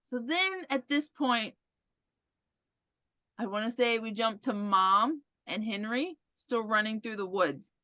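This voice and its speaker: Woman podcast host, high bright voice, acts out movie scenes while she talks, dry close sound. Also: takes it slowly, no echo. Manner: animated storytelling, acting out characters, swearing, laughing. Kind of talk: casual movie recap chat.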